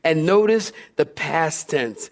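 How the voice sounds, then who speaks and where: A male pastor preaching a sermon in a lively, playful way, acting out scenes. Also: fairly high pitch, takes it slowly.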